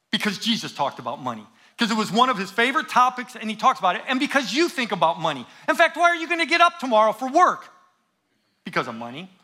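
A middle-aged man preaching a sermon in church as a guest pastor, lively and joking, then hushed and slow in prayer. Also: very high-pitched. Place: church in front of a congregation.

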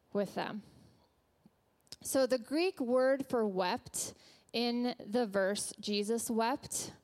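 A woman who works as a nurse, giving an earnest, gentle sermon that she tells like a story in a church. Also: on the high side.

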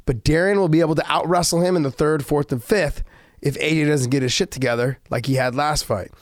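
A man's voice: a little high, fairly even intonation, a little fast, no room sound, clean studio sound. A man co-hosting a casual talk show, eager and stumbling over restarts. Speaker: co-host. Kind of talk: casual podcast chat.

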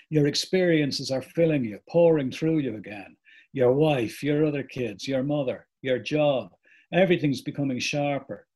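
A man reading aloud as a middle-aged father reflecting on lost memory, in a slow, reflective way. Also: mid-range voice, darkish tone, natural voice. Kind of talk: reading a book passage aloud.

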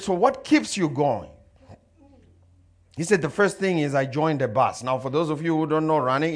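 A man preaching a sermon, telling stories and acting out dialogue and the voices of others. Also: on the high side. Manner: storytelling, acts out dialogue and crowd voices. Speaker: pastor.

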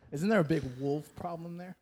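A man's voice: fairly high pitch, unhurried, darkish tone. A man co-hosting a podcast, joking and teasing in casual banter. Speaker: podcast co-host. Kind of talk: casual chat.

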